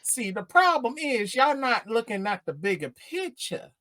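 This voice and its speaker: A man putting on the voice of a cocky, smooth-talking streetwise pimp who lectures in slang. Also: extremely high pitch, big pitch swings, normal speed, sharp tone, heavily acted. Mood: cocky lecturing.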